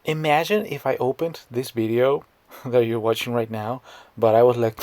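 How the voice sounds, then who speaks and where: A man's voice: medium pitch, fairly even intonation, normal speed, a little mellow. A man giving scornful, blunt reaction commentary, often stammering and repeating words. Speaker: commentary YouTuber.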